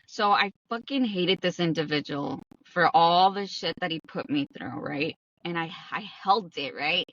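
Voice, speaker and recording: A woman's voice: on the low side, a bit bright, no room sound, far from the mic, lo-fi sound. A young adult woman hosting a podcast, talking bluntly in a casual monologue, swearing often and repeating herself for emphasis. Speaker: podcast host.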